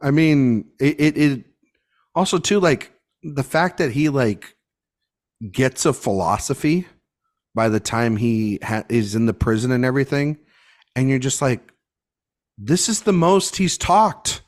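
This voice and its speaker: A man co-hosting a casual film podcast, talking in an animated, halting way with frequent restarts. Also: mid-range voice. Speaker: podcast co-host.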